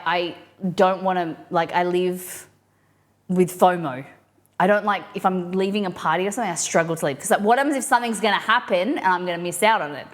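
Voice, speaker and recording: Chatty Australian woman hosting a live stream. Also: on the low side. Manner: rambling, chatty, many restarts and fillers; acts out quoted phrases in playful voices. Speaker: livestream host. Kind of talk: casual chat reading viewer comments.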